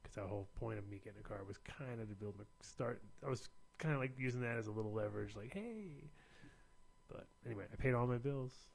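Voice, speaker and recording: Gravelly, rambling American man host. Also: mid-range voice, animated. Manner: rambling storyteller, quick to laugh. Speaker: show host. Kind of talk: casual chat.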